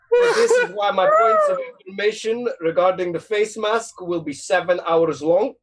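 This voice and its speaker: A man's voice: very high-pitched, very noisy, pitched above the performer's own voice, heavily acted. A comedian voicing a pompous male Russian official with a put-on mock Russian accent, speaking in a mock-solemn way that keeps breaking into laughter.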